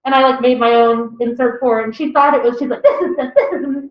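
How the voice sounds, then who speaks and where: Woman spinning funny stories, a bit high, echoey dull room sound. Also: fast. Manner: animated, acts out quotes in a raised voice. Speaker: podcast co-host. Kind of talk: casual storytelling chat.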